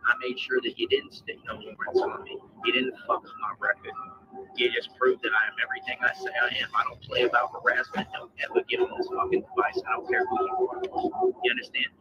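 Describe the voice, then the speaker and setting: Man ranting profanely over loud music. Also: very high-pitched, huge pitch swings, fairly quick. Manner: profane, taunting, repeats challenges. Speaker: ranting video poster. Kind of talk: confrontational rant to camera. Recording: lo-fi clip under loud music.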